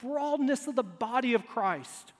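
A male pastor preaching a sermon to his congregation, telling stories with humor and swinging from quiet asides to loud emphasis. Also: very high voice, animated, measured pace. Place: church sanctuary before a congregation. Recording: long reverb of a large church hall.

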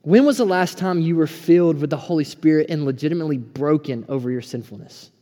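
Pastor in his thirties, earnest sermon delivery, slightly high pitch, warm and dark tone, reverberant sanctuary. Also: quick pace. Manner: earnest, swings between hushed and fired-up. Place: church sanctuary. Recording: preaching in a hall with long reverb.

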